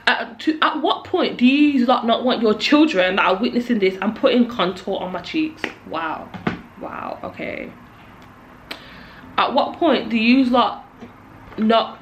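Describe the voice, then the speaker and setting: Young woman venting to her camera, emotional and raw, keeps repeating herself. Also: mid-range voice. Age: 20s. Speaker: vlogger. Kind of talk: personal storytelling to camera. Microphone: own camera.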